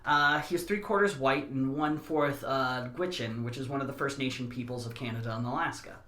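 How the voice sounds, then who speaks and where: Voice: medium pitch, brisk, bright, forceful tone, reverberant. A podcast host reading a history segment, breaking into wry, joking asides. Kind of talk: scripted history narration mixed with casual chat.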